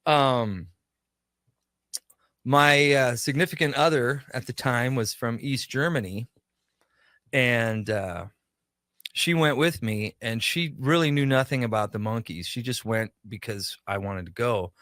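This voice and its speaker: A man's voice: medium pitch, measured pace, a bit bright, dry recording, clean studio sound. A man who is a guest on a radio talk show, telling a long personal story in a chatty way and acting out the dialogue. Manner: chatty anecdotal storytelling, acts out quoted dialogue. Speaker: guest, pop culture shop owner.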